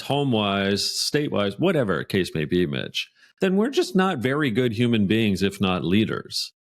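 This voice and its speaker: A Canadian man, a podcast guest, telling a workplace anecdote in a lively, animated way. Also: on the low side. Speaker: guest author. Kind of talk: podcast storytelling.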